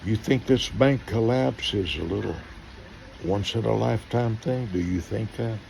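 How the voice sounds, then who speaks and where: An older pastor speaks at normal speed in a low, gravelly voice, spinning stories as if from the pulpit. He lively voices the characters and moves from loud bursts to soft asides, over a faint underlying hum.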